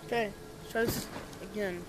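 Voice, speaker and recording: A young woman chatting casually while playing a VR zombie game, jumpy and quick to shriek when scared. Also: medium pitch, steady tone, background noise. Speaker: gamer. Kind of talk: casual VR gameplay commentary.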